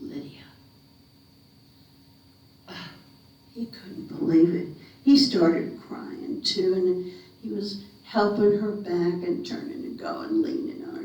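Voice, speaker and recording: A woman from North Carolina telling a ghost story dramatically, slowing and dropping to a whisper for suspense, in a living room of a retirement community. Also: lowish voice, darkish tone. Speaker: folk storyteller. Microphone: room camera mic at a distance. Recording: echoey room, mic far off.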